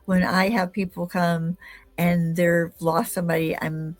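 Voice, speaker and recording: A woman's voice: fairly low pitch, flat delivery, a little slow, soft background music. A woman hosting an interview podcast who often murmurs agreement and speaks with enthusiasm. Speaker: podcast host.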